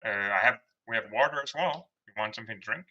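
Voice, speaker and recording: A friendly, proud innkeeper, played by a man at a tabletop game in a sharp, very bright voice. He sounds hospitable and easy. The audio is dull and lo-fi. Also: lowish voice, quick pace. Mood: welcoming. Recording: dull lo-fi recording.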